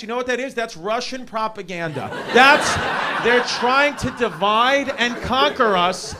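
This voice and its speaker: A man with a New York accent doing a loud, rambling stand-up set in a live club. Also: very high voice, expressive, heavy background noise. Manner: loud, rapid, rambling rants with frequent laughs. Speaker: stand-up comedian. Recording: live club with crowd behind. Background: laughing audience.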